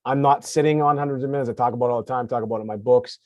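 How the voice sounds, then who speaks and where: A man's voice: medium pitch, fairly even intonation, very fast, a little mellow, no room sound, dull audio. Man, 40s, podcast host, restarts often, dry sound. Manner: thinks aloud, restarts often. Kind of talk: conversational interview.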